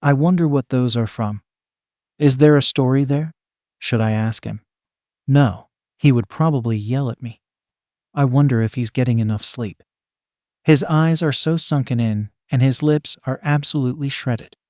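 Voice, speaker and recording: A man's voice: mid-range voice, moderate pace, a little mellow, no echo, studio quality, natural voice. A man voicing a nervous, awkward young woman who mutters her rambling thoughts in a hesitant way, in a storybook reading. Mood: musing.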